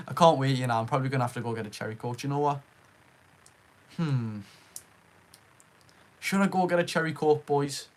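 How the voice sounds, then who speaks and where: A man's voice: medium pitch, moderate pace, pauses often. A young man with a Geordie accent hosts a casual live stream from his room. He chats easily with viewers, hypes up the chat and reads out their names as they come in. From Northeast England. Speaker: livestream host.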